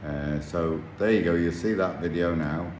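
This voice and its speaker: A man telling a casual anecdote about his sailing trip, halting and full of restarts. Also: low voice, a little mellow. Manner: rambling, halting storyteller with many restarts. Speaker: yacht captain telling a story. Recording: echoey room with faint noise.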